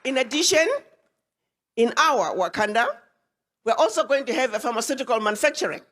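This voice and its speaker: A woman's voice: on the high side, expressive, fairly quick, a bit bright. A woman, an ambassador giving an emphatic public speech to an audience and repeating words for weight. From Ghana. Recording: long hall reverb.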